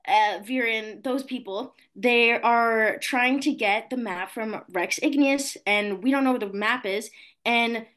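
A woman's voice: fairly high pitch, a bit bright. A woman co-hosting a casual podcast, talking loosely with lots of fillers and frequent giggles. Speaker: podcast co-host.

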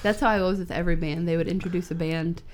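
A woman's voice: fairly low pitch, steady tone, fast, slight background noise. A woman in casual chat, telling road stories with a laugh and quoting people in put-on voices. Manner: laughing storyteller, quotes people in acted voices; rides motorcycles.

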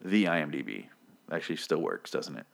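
Low-voiced man rambling through a casual recap. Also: sing-song, a little fast, vocal fry. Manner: rambling, profane, offhand. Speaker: podcast host recapping a TV episode.

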